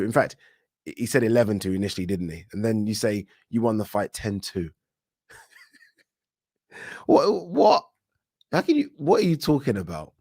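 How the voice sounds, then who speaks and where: A man hosting a casual livestream, reading out viewer comments and giving animated, opinionated takes with frequent restarts. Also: on the low side, dry recording, clean studio sound. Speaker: boxing channel host.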